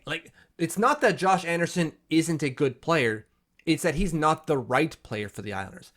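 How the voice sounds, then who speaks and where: A man's voice: a little high, a bit bright. A man hosting a casual hockey commentary vlog from home, chatty and self-deprecating. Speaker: hockey YouTuber.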